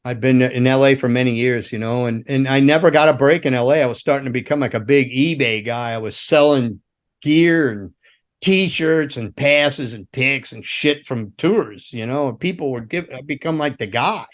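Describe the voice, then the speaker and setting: A man's voice: medium pitch, normal speed. A middle-aged man from the United States, a former roadie on a podcast, telling rambling, profane road stories and acting out the people he quotes. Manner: rambling, profane, animated storyteller who acts out quotes. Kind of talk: casual storytelling chat.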